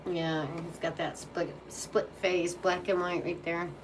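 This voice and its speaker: A woman with a lowish voice chats at a slow, unhurried pace, cooing baby talk to her dog between remarks. She sits back from the microphone. A faint background hum runs underneath. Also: little pitch movement, recorded from a distance. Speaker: tarot reader. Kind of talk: casual chat.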